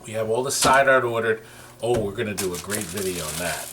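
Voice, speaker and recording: A man's voice: fairly low pitch, fairly quick, background noise. A man co-hosting a casual show about restoring arcade games, talking enthusiastically and cracking jokes. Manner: chatty, enthusiastic, reads aloud and jokes. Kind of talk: casual on-camera show and tell. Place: amusement game shop or warehouse.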